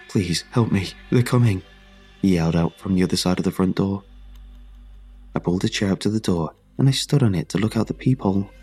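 A man narrating a first-person horror story in a steady, measured way. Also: on the low side, breathy edge.

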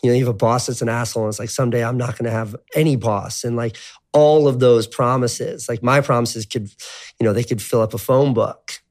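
A man's voice: mid-range voice, steady tone, brisk, darkish tone. A man in his thirties telling his life story as an interview guest, rambling and profane, full of "like". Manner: rambling, profane, heavy use of filler "like". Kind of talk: casual storytelling.

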